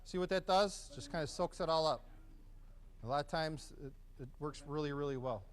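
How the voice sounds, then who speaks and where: A man runs a hands-on first aid class in a training room, his voice sitting noticeably high for a man. He talks casually and encouragingly as he coaches students through each step. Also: normal speed.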